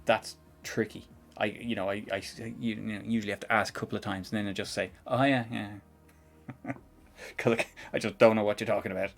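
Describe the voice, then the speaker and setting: Faint music sits behind a Northern Irish programming streamer whose fairly low voice stays level and runs a little fast. He chats in a rambling, chuckling manner during his live coding tutorial.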